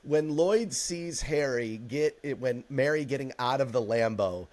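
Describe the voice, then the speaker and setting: A man co-hosting a podcast in casual chat, excited, laughing often and quoting movie lines with gusto. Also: mid-range voice, measured pace. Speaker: podcast co-host.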